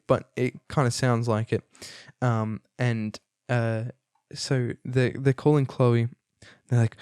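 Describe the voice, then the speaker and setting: Young male host, casual rambling film review, mid pitch, dry close sound, lots of ums and restarts. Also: little pitch movement, slow, a little mellow, clear, resonant tone, no echo. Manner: chatty, many fillers and restarts, amused.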